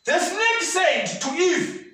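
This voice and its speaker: A man preaching with a very high, lively, swooping voice that rises into fervent shouts for emphasis. His tone is bright and forceful. He sounds distant from the mic, in a heavily echoing room. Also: slow. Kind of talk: sermon.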